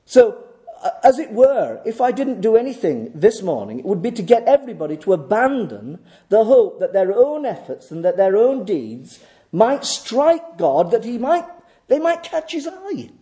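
A male preacher delivers a sermon with a high, lively voice that rises and falls widely. His tone is mellow, and he drives points home by repeating phrases and asking rhetorical questions. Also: moderate pace.

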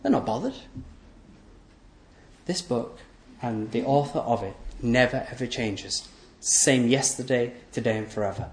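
A man preaching a sermon, emphatic and repetitive, asking rhetorical questions and letting his voice sink low and quiet at the ends of phrases. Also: animated, unhurried, reverberant. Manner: voice often drops low and soft at the end of phrases.

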